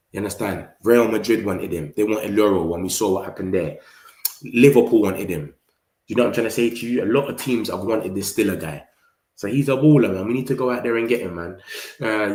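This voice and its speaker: A man's voice: on the low side, darkish tone, echoey room. A man hosting a casual football fan vlog, chatty and full of slang, talking straight to his viewers. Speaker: football fan channel host.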